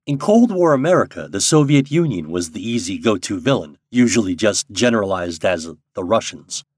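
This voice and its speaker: A man hosting and narrating an audio magazine of fiction in a measured, deliberate reading. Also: fairly low pitch, big pitch swings, a little mellow, no echo, clean studio sound. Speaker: host and narrator.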